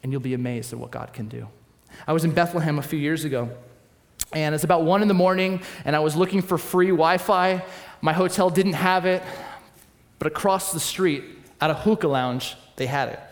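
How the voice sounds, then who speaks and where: A man preaching a sermon, telling stories in a lively, animated way, swinging between soft asides and excited bursts. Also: a little high, moderate pace, big-room sound. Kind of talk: sermon with personal storytelling.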